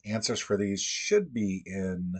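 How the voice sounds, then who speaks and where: Casting: low, husky male stream host, halting, musing, talks to chat. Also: lively intonation. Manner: thinks aloud, halting and musing. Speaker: livestream puzzle host. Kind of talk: casual livestream chat.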